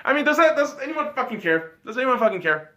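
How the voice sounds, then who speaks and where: Podcast host, late 20s, man, high bright voice, profane yelling sports rant. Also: very animated, fast talker. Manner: swears constantly, ranting and yelling.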